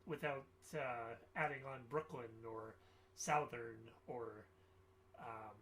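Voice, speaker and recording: A man hosting an interview, reading out viewer questions in a halting way, with many fillers and restarts. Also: mid-range voice, a bit bright, slight background noise.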